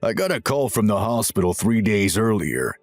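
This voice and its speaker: A man's voice: fairly low pitch, sing-song, moderate pace, soft background music. A man voicing a stern, disapproving older father who rebukes firmly in a dramatized text-message story.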